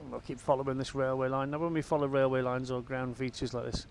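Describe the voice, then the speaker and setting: A gamer pilots a VR helicopter sim, rambling casually and dropping dry, wry remarks. He talks fast at a medium pitch with little movement in it, and there's slight background noise.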